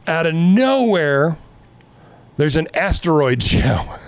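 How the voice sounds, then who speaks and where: A man's voice: on the high side, expressive, slow pace, smooth. A man in casual chat recapping a movie in a rambling, sarcastic way, swearing often. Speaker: podcast co-host.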